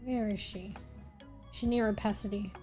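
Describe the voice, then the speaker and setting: A woman's voice: medium pitch, steady tone, normal speed, dark tone, faint music behind. A young Australian woman chatting casually on a stream, rambling, swearing often and laughing between thoughts. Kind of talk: casual chat.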